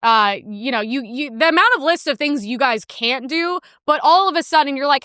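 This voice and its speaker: A young woman with a high, bright voice that swoops all over as she rants on her podcast. She talks in heated, profane bursts and mimics people loudly, close to the mic in a dry room. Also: expressive, brisk, few pauses, no echo. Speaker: podcast host. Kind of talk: casual ranting commentary.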